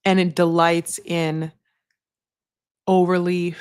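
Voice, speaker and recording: A woman's voice: lowish voice, flat delivery, slow, a little mellow, smooth, dry recording. A woman hosting a casual reality TV recap, chatty and sassy, swearing freely and calling people honey. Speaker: TV recap host.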